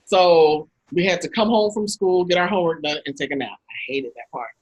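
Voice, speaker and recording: Woman host with a husky, breathy edge, chatting casually on a video call and acting out her stories. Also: lowish voice, a little fast, low-quality recording. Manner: animated anecdotes, acts out quotes with laughs. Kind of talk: casual storytelling talk.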